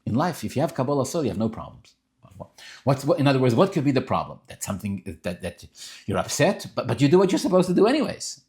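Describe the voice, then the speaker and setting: A man teaching a casual Torah lesson in a mid-range voice. He circles back on his words, restarts often, then jumps up in pitch and force to drive a point home. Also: quick pace. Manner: animated, rising emphatic bursts, many restarts; sprinkles Yiddish and Hebrew terms. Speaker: rabbi teaching Tanya. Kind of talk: informal Torah class.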